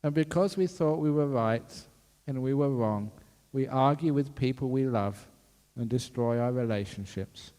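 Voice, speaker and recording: A Buddhist monk giving a dharma talk, jovial and quick to laugh. His voice sits at an ordinary middle pitch. It carries a long reverb from the hall. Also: warm tone.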